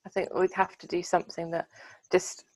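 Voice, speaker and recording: A woman co-hosting a podcast, talking in an earnest, reflective and measured way over a video call. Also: on the low side, flat delivery, dry recording. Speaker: podcast co-host. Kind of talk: casual chat.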